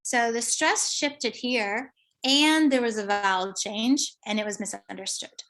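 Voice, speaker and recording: Slightly high-pitched and a bit bright, with a steady tone, a woman researcher talks through her findings at an academic conference. She proceeds step by step, pausing frequently and using fillers.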